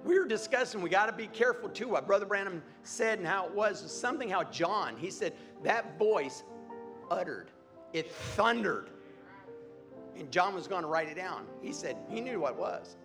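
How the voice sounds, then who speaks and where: A man's voice: high voice, lively intonation, moderate pace, music in the background. A man preaching a sermon, repeating phrases emphatically and building to fervent cries. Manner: preaching with rising fervor, repetitive emphatic phrasing.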